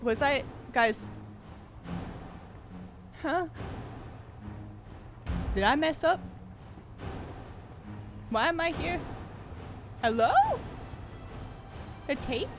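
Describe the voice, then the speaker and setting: A young woman streaming a video game live, excitable, shrieking and yelling when things get tense. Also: high-pitched, drawn-out words, long pauses. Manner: excitable, shrieks and yells under pressure. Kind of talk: live gameplay commentary. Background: game music.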